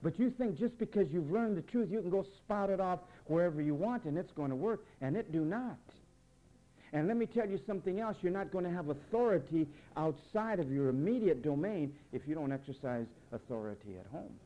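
A man preaching a sermon emphatically, with rhetorical questions and big swings between loud and soft. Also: sits high, expressive, fairly quick, dull audio.

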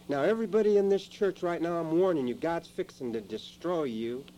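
A man preaching a sermon in a church, dramatic, moving between quiet asides and loud emphatic lines. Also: on the high side, a little fast, hardly any pauses, a little hiss or hum, low-quality recording.

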